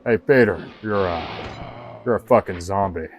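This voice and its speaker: A man's voice: low-pitched, measured pace, slight background noise, poor audio. A man giving casual, rambling gameplay commentary, swearing often and filling with "like". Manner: rambling, heavy swearing, lots of "like". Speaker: let's play streamer.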